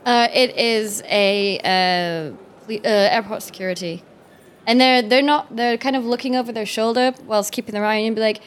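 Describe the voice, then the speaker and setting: A woman's voice: fairly high pitch, steady tone, moderate pace, slight background noise. A woman narrating as game master, with playful, laughing descriptions. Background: background music.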